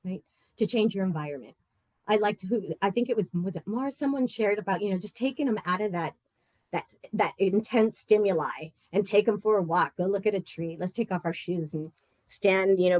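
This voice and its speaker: Lively, playful woman leading a group. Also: mid-range voice, no echo. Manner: animated, playful and blunt, laughs often. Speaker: support group facilitator. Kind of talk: casual group session talk.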